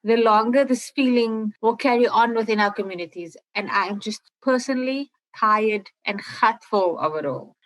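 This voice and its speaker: A woman's voice: a little high, normal speed, hardly any pauses, a bit bright, dry recording, low-quality recording. A young married woman from South Africa with a Cape Coloured English accent, co-hosting a podcast in earnest, weary chat with frequent laughs. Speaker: podcast co-host.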